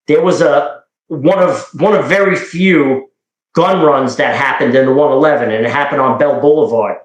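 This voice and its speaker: A man's voice: medium pitch, moderate pace. Middle-aged new york guy telling old cop stories, rambly, lots of quoted back and forth, roomy sound. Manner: rambling, animated, with frequent restarts and quoted dialogue. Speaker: podcast guest telling police stories. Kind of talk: casual storytelling.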